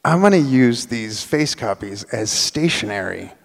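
A man telling a personal story on stage, animated, acting out the voices of people in it. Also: medium pitch, a little slow, vocal fry. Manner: animated, acts out quoted voices. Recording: long hall reverb.

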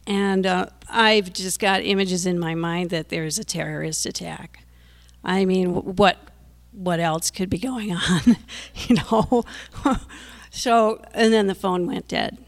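Middle-aged woman telling her own story, anxious worrier type, bit of a gravelly rasp. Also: fairly low pitch, steady tone, slow. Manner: self-described worrier, earnest and anxious retelling; breaks into nervous laughs. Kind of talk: personal storytelling to an audience.

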